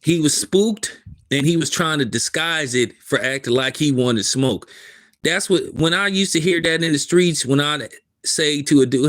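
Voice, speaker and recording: A man's voice: fairly high pitch, moderate pace, a bit bright. Emphatic man ranting in casual commentary. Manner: emphatic, repetitive, street-casual. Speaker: commentary host. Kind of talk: opinionated commentary.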